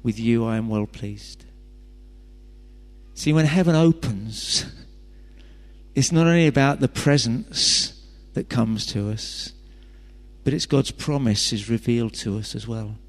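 A man's voice: mid-range voice, a little slow. A man preaching a sermon, chatty and full of rhetorical questions and joking asides. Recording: long hall reverb.

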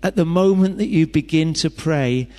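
A man's voice: fairly high pitch, normal speed, a little mellow. A man preaching a sermon, chatty and full of rhetorical questions and joking asides. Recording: long hall reverb.

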